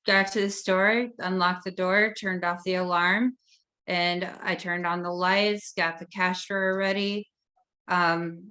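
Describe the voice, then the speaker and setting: Bright-voiced woman, hesitant and halting. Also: lowish voice. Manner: hesitant, many fillers. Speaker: course participant. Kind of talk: casual discussion.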